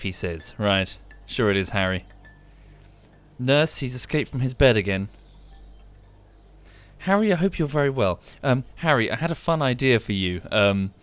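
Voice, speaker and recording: A man, chatting casually on a live game stream, tired and dry, rambling with frequent ums. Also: fairly low pitch.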